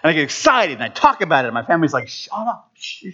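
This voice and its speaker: Male pastor, sermon, animated delivery with wide pitch swings, slightly high voice, dull lo-fi sound. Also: racing. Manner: animated, jumps into high excited voices for quoted people.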